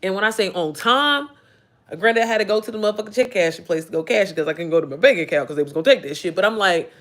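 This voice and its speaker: Speaking very fast in a mid-range voice, this thirty-something woman runs a laid-back motivational livestream. She swears a lot, stays animated, addresses viewers as "baby" and "y'all," and reads out and responds to their comments.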